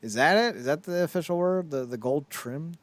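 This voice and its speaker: A man's voice: a little high, a little fast, dry recording. A man co-hosting a casual wrestling news podcast, rambling and swearing, with self-mocking asides. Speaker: podcast co-host.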